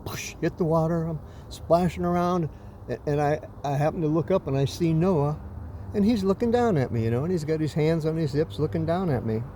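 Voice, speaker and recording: A man's voice: on the high side, a little fast, warm tone, a little hiss or hum. Rambling man recounting a dream. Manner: rambling, self-deprecating, with many fillers and restarts. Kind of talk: casual storytelling, recounting a dream.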